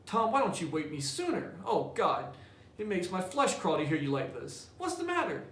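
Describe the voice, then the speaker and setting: Panicky young boy, high and pleading, done by a male teacher, echoey room, distant mic. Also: sing-song, moderate pace, fairly bright tone, heavily acted. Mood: alarmed. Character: young boy, anxious and frightened.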